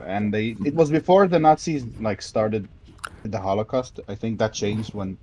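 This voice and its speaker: Mellow, low-voiced explaining man. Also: moderate pace, a little hiss or hum. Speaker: panelist. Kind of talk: casual discussion.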